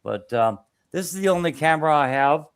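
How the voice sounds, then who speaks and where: A man chatting as a guest on a stream, hesitant and halting, dropping dry jokes. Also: on the high side, lively intonation, smooth. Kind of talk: casual chat.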